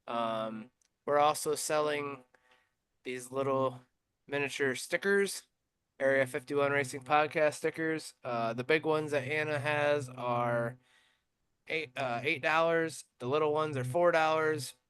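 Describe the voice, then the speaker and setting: A man's voice: a little high, a little slow. Chatty man hosting a racing podcast. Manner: animated storytelling with many fillers. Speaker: podcast host. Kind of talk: casual chat.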